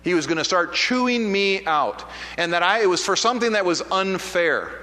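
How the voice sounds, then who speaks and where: A man's voice: high-pitched, expressive, normal speed, sharp tone. A man preaching a sermon, telling a personal story in a conversational, self-deprecating way with frequent restarts. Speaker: pastor. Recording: preached in a hall with long reverb.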